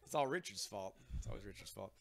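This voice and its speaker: A man's voice: lowish voice, lively intonation, quick pace, vocal fry. A man hosting a live-stream sale from a comic book store, chatty and joking as he reels off issues and prices. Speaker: comic shop host running a live sale. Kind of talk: live-stream sales pitch.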